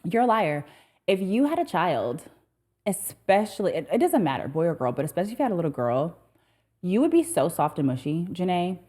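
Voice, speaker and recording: A woman's voice: fairly low pitch, very animated, brisk, dark tone. A woman co-hosting a podcast in casual chat, frank and swearing freely. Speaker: podcast co-host.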